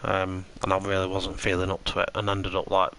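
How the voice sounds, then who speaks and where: Gravelly, bright-toned streamer. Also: male voice, sits low, monotone, brisk, poor audio. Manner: chatty, rambling, reads chat aloud. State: tired. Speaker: sim racing league commentator and streamer. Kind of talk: casual live-stream commentary.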